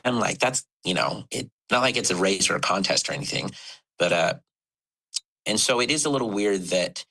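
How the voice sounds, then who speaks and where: A young man, a podcast guest, candidly telling a personal story in a halting, earnest way, with many fillers and restarts. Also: low voice, gravelly, bright, forceful tone, low-quality recording.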